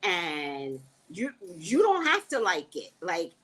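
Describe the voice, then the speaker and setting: A woman's voice: lowish voice, slow. A woman hosting a casual live stream, reading viewer comments aloud and answering them in a blunt, joking way. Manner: blunt, joking, lively, laughs often.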